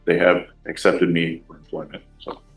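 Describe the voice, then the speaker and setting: A man's voice: sits low, monotone, moderate pace, gravelly, a bit bright, soft background music. A man testifying as a defendant in court, hesitant, with many restarts. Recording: echoey courtroom audio.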